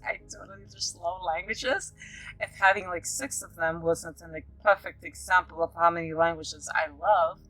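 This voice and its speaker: A woman's voice: on the low side, poor audio. Chatty woman vlogger from Africa. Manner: chatty, rambling, with sudden excited outbursts. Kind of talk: casual monologue vlog.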